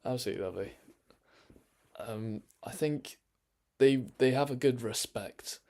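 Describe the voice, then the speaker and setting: A man chatting casually on a livestream, rambling and hesitant with many fillers, sometimes dropping into hushed, half-whispered asides. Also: mid-range voice, unhurried. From England. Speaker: streamer.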